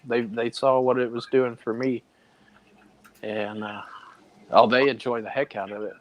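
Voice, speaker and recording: A man of middle pitch talking casually on a livestream panel. He tells his stories with animation and quick changes of tone. His voice is plain and conversational. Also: rough recording. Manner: animated storytelling, mimics voices. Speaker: panel guest.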